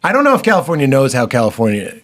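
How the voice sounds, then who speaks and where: A man who is a comedian guest on a podcast, joking in casual chat with quick one-liners. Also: mid-range voice, wildly swooping pitch. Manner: jokey, tosses in quick one-liners and voices.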